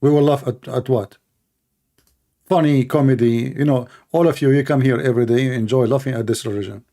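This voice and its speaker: A man taking calls on his show speaks briskly in a mellow, medium-pitched voice with fairly even intonation. He offers sarcastic, scornful commentary in a monologue, with broken grammar and rhetorical questions.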